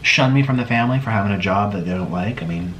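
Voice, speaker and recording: A man in his twenties hosting a mukbang vlog at home, answering viewer questions in an expressive, theatrical way. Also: fast, a little hiss or hum. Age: 20s. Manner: expressive, theatrical swings in pitch and loudness. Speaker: mukbang host.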